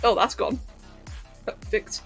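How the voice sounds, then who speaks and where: A woman from England with a posh London accent, softened by a little Californian, chatting casually and laughing with her chat during a gaming livestream. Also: slow, faint music behind. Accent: posh London English, slightly Californian-tinged. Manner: chatty, giggly, answers chat while playing.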